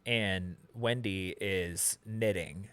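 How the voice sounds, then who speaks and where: A man co-hosting a podcast, casually explaining a book's version of a scene in a relaxed, explanatory way. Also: deep voice, extremely slow. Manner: relaxed, explanatory, with "um" and "that sort of stuff". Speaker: podcast co-host. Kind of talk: casual book recap.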